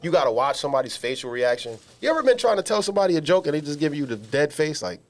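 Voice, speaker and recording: A podcast co-host with a high voice talks very fast, telling comic stories in slangy, emphatic casual chat. He's an animated storyteller recording from a small studio.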